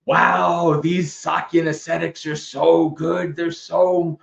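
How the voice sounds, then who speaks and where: A man's voice: a little high, level tone, slow, creaky, voice pushed up, full character voice. A man voicing a gullible husband who gushes over ascetics. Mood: gushing. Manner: gushing, then indignant. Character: gullible gushing husband, adult man, ancient India. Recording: roomy, slightly dull livestream audio.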